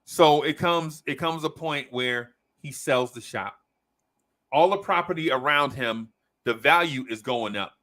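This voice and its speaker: At a measured pace and medium pitch, a man recounts a long story on his podcast in easygoing conversation. He's a lively narrator, slipping into the voices of the people he quotes.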